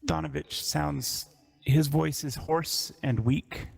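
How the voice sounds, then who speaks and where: Gravelly-voiced man running a tabletop game. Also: a little high, fairly even intonation, a little mellow. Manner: descriptive, measured narration. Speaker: dungeon master.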